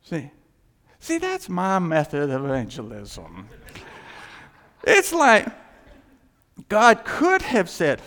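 An older man preaching a sermon and telling a folksy, animated personal story. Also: high-pitched, slow, long pauses, in a large hall.

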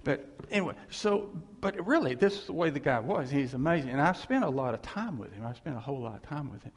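A man preaching in a storytelling sermon style, animated and laughing as he acts out what others said to him. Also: medium pitch, fast, breathy edge. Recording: long hall reverb.

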